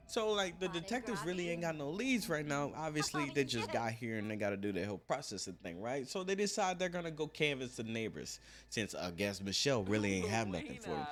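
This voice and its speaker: A man's voice: mid-range voice, big pitch swings, brisk, hardly any pauses, crowd noise. A young man telling a crime story in a casual, slangy, joking way.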